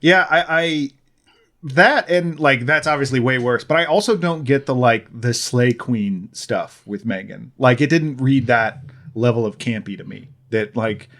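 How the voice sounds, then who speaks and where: A man's voice: mid-range voice, unhurried, fairly bright tone. Wry man from the Midwest reviewing films. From American Midwest. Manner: wry, opinionated, thinking aloud. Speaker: podcast co-host. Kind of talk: casual film-review chat.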